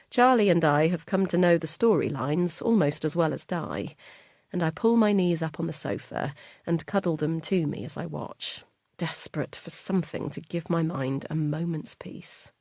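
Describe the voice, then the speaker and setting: A woman narrating an audiobook in the first person, measured and quietly tense. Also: sits low, lively intonation, creaky, no room sound, clean studio sound.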